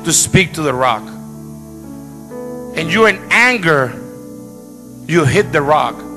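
A preacher voicing God as a stern, deep-voiced figure who speaks slowly and solemnly. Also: male voice, lively intonation, big-room sound. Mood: solemn rebuke. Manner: slow and solemn. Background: piano music.

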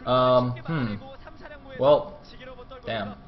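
A man's voice: mid-range voice, drawn-out words, muffled recording. A man casting a game match in a casual, rambling way, often mocking himself and swearing. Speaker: amateur esports caster.

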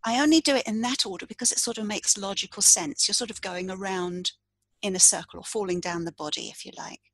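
A woman coach walks the listener through a tapping routine point by point, calm and instructive, speaking the tapping phrases aloud. Her voice has a soft, slightly breathy grain at a middle pitch. The sound is dry and close, with no room around it. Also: fairly quick, no echo, rough recording. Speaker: coach and tapping practitioner, podcast guest. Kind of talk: guided tapping demonstration.

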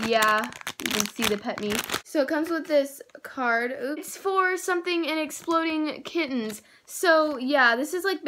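A teenage girl with a high, bright voice gushes and rambles through a toy unboxing. She squeals at each reveal, then trails off into filler words and self-corrections. Her tone stays casual and chatty, with a faint hiss of noise behind her. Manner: gushing and excitable, with gasps and squeals. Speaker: squishy toy haul vlogger.

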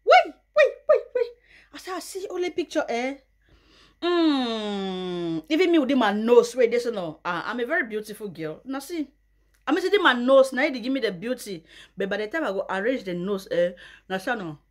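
A young Nigerian woman vlogger giving mocking gossip commentary, often breaking into loud high laughter. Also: very animated, moderate pace. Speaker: YouTuber.

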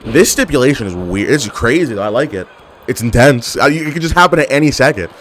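Young male gameplay commentator, mouthy and excitable, pitch jumping all over, faint background noise. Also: fast. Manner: trash-talking, excitable and exasperated. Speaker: gaming commentator.

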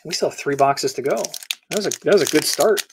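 A man's voice: fairly high pitch, quick pace, background noise. A middle-aged man hosting a casual live card break, rattling off player names and teams as he opens packs.

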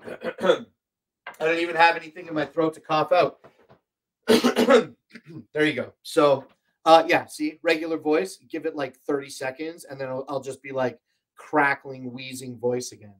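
Here the livestream shopping host's voice sits on the high side, delivered flatly at a moderate pace. Chatting casually from his home studio, he rambles with plenty of fillers, his voice strained and breaking. A desk microphone more than an arm's length away records him.

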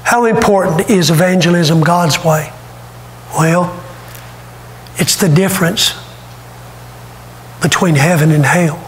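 High-voiced man preaching, telling a story all emotional, echoey church room with faint hum. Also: slow pace, pauses often. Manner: emotional, dramatic retelling. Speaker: pastor. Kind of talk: sermon storytelling. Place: church sanctuary.

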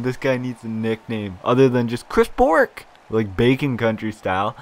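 A young man giving live gameplay commentary for his channel, swinging from low grumbling frustration to loud excited shouting, with frequent swearing. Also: a little slow. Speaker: gaming YouTuber.

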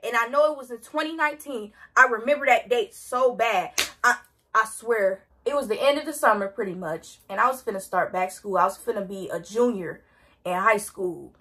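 Young woman w/ aave, slangy dramatic storytime, high bright voice, kinda breathy. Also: moderate pace. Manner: animated, slangy, dramatic retelling. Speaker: vlogger. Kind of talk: casual storytime.

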